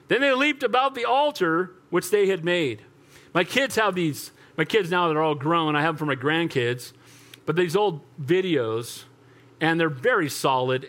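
An older male pastor preaches with a high-pitched voice that swings up and down. His delivery is animated and storytelling, and he punctuates points with calls for an amen. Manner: animated, rhetorical, calls for amens. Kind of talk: sermon.

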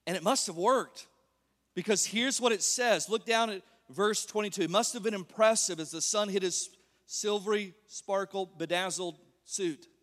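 A man preaching an animated sermon as pastor, joking and asking the congregation questions. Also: sits high, moderate pace. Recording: long reverb of a large hall.

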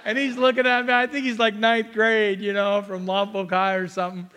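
A man with an unusually high voice preaches in a loose, conversational way. He spins personal stories and coaxes his listeners along as a pastor would from the pulpit. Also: level tone, normal speed, a bit bright. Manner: storytelling, coaxing the congregation with "come on". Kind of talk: conversational sermon.

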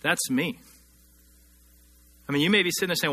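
Pastor guy preaching, high voice, super bright and sharp, slows way down on the verses. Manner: earnest preaching, slows and rises to stress scripture. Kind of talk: sermon.

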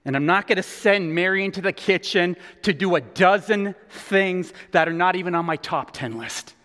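A man gives voice to a calm, patient teacher who speaks softly. His tone is gentle and reassuring. A long echo hangs in the hall around him. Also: sits high, normal speed.

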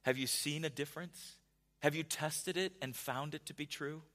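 A male pastor giving a conversational sermon, often restarting words and building to emphatic, louder passages. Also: on the high side, normal speed.

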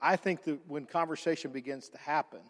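A man pastor telling a personal story in a sermon, animated, with frequent restarts and repeated words. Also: fairly high pitch, brisk, in a large hall.

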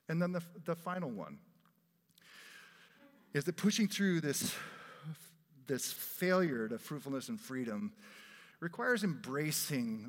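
A man preaching a sermon in a church, earnest and animated, breaking into laughs and asides. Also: mid-range voice. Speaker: pastor. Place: church sanctuary. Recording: long hall reverb.

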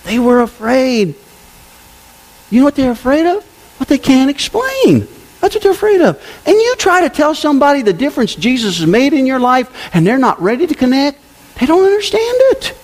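A man preaching a sermon to his congregation, with conversational asides, dropping to low murmurs and rising to loud exclamations. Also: sing-song, normal speed. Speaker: pastor.

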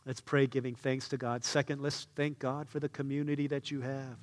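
Male pastor, mid-pitched, lively storyteller, soft to loud. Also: brisk, long reverb tail. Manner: storytelling, swings between soft and loud, excited. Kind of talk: sermon.

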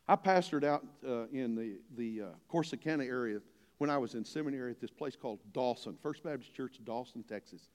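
An older man delivers a sermon in a folksy, conversational way, now and then pressing a point with real force. His voice sits slightly high for a man. A long reverb trails behind every phrase, as in a large church. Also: animated, normal speed, pauses often, dark tone. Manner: folksy, earnest, rises to emphatic preaching. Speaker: pastor.

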